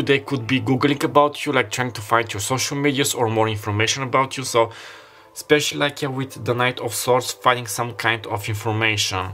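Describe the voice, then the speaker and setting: A man's voice: medium pitch, bright, forceful tone. Hesitant tarot reader, man. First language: not English. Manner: rambling, hesitant, searches for words aloud. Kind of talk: casual tarot reading monologue.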